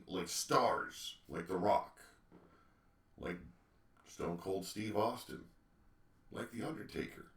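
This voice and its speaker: A man's voice: deep voice, fairly bright tone. A man hosting a solo opinion podcast, ranting with emphatic rhetorical questions. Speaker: podcast host. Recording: echoey room, distant mic.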